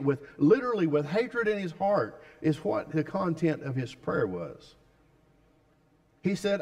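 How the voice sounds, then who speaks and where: A man's voice: a little high, expressive, normal speed, a little mellow. A male pastor preaching a sermon, emphatic and putting questions to the congregation.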